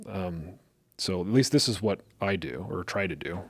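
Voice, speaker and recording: A middle-aged man co-hosting a casual podcast conversation, telling lively everyday stories and illustrating them as he goes. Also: deep voice, normal speed, slightly rough, no echo. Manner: lively storyteller, acts out parent voices. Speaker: podcast co-host.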